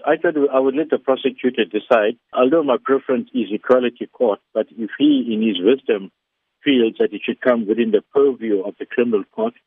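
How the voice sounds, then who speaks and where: A man's voice: mid-range voice, brisk, slightly rough, dry recording. A man, a former councillor giving a radio interview by phone, speaking formally and emphatically with frequent stumbling restarts. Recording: tinny dry phone line.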